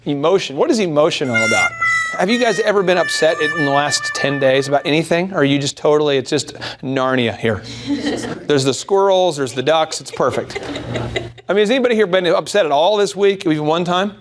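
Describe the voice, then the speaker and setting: A man with a notably high voice gives an energetic sales workshop talk to a room full of people. He keeps firing rhetorical questions at the audience and pokes fun at himself. A faint hiss sits under the recording. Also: a little fast. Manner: animated, asks the audience rhetorical questions, jokes at his own expense. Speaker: business workshop host. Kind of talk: motivational sales lecture to a live audience.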